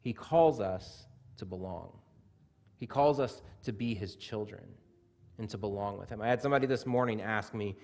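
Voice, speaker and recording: A man in his thirties preaching a sermon, telling a story with quick asides and dropping his voice soft and low for emphasis. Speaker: pastor. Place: church sanctuary.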